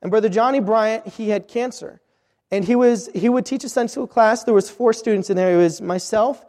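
A high-pitched man preaches with earnest urgency, circling back and restarting his phrases as he pleads with the listener. His voice rings out with a long hall reverb behind it. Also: brisk, a little mellow. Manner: earnest, repetitive, with frequent restarts. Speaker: missionary preacher. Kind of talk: sermon.

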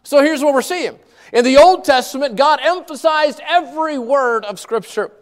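A man preaching a sermon in a high, bright-pitched voice. He drives his points home by repeating key words, rushing some phrases and drawing others out slowly. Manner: emphatic, repeats key words, varies pace widely.

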